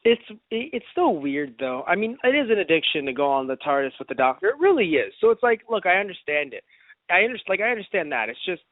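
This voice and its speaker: A man co-hosts a casual podcast and talks in an animated way. His voice sits high and swings widely in pitch. The sound is dry and narrow, like a phone line. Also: fast talker, no room sound. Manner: animated, acts out mock quotes. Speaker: podcast co-host.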